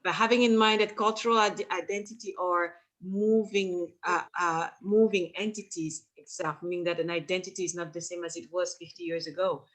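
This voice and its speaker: A woman's voice: fairly low pitch, steady tone, normal speed, few pauses, a bit bright. A woman with a French accent moderating a panel discussion, thoughtful and often restarting her sentences.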